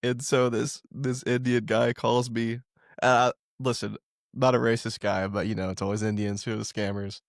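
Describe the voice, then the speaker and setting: A man's voice: medium pitch, moderate pace, vocal fry, dry recording, studio quality. A young man co-hosting a casual podcast, joking and telling stories with energy. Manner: joking, animated storyteller. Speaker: podcast co-host.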